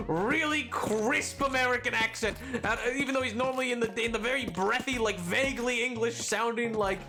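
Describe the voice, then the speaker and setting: A man's voice: extremely high pitch, fairly even intonation, moderate pace, bright, forceful tone, soft background music. A man chatting casually on a live gaming stream, bantering playfully with his chat and acting mock-indignant when they tease him.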